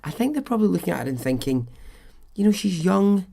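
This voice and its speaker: A man's voice: sits high, big pitch swings, fast talker, creaky, mellow. A man hosting a podcast, telling a true-crime story in a chatty, conversational way with frequent asides. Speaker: podcast host.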